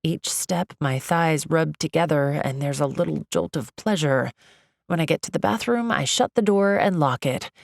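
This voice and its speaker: A woman narrating a first-person romantic comedy audiobook in an expressive, comic, confiding way. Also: low voice, moderate pace, gravelly, no echo, studio quality.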